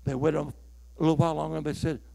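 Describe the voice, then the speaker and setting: A man in his sixties, a traveling evangelist preaching a revival sermon, who swings from hushed storytelling to shouted call-and-response and leads the crowd in chants. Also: on the high side, flat delivery, fast, gravelly.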